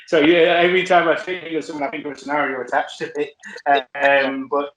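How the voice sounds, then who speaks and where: A man spins casual, meandering anecdotes, correcting himself as he goes. His voice sits a little high. The recording has a roomy echo. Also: little pitch movement, moderate pace, a bit bright. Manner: rambling, self-correcting storyteller. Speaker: podcast guest.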